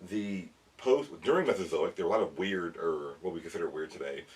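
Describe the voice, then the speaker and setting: A man's voice: deep voice, a little fast. A man hosting a casual toy review and science explainer for kids, chatty and rambling, often correcting himself. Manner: addresses kids. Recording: voice a bit far from the mic, faint background noise.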